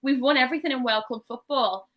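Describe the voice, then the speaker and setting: A woman's voice: high voice, fast talker, a bit bright. A woman from Liverpool with a Scouse accent, chatting animatedly about football as a podcast co-host. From Liverpool, England. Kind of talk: casual football chat.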